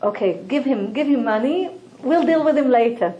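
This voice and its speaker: A woman voicing a male lion king who gives quiet, commanding orders in a low voice. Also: animated, moderate pace, lo-fi sound. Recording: echoey room.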